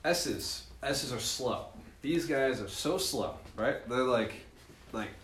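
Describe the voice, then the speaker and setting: A man teaching a live seminar to a room, talking at an ordinary middle pitch. He keeps it lively and chuckles often, checking in with the audience as he goes. The sound is roomy and echoey, with faint ambience underneath. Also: takes it slowly, slight background noise. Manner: lively, laughing, often tags with "right?". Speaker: real estate mentor.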